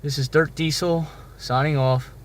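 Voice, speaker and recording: A man's voice: on the high side, fairly even intonation, a little slow. A man, a truck driver, chatting casually as he vlogs from the cab while driving, rambling and correcting himself as he goes. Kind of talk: casual driving vlog commentary. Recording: loud road and engine noise. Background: vehicle engine noise.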